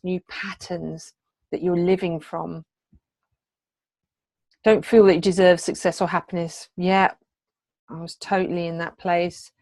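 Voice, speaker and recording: Lowish and slightly mellow, this woman's voice comes through without echo. She's a middle-aged hypnotherapist and wellness coach offering her own story in a coaching video, sincere and heartfelt, with plenty of hesitations along the way.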